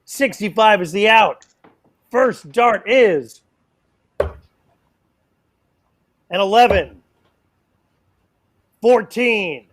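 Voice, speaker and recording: A man calling a darts match live as play-by-play commentator, excitable and playful, with self-mocking asides. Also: high voice, drawn-out words, long pauses, slight background noise.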